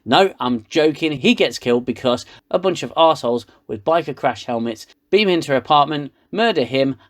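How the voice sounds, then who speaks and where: A man's voice: a little high, expressive, fairly quick. A man with a British accent giving a sarcastic, rambling comedic recap of a TV episode. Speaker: reviewer.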